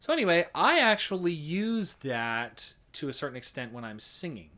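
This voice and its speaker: An American folk song presenter gives a casual educational talk, chatty and explanatory, often restarting his sentences and hedging with fillers. His voice is fairly high, very animated, bright and forceful, at a moderate pace.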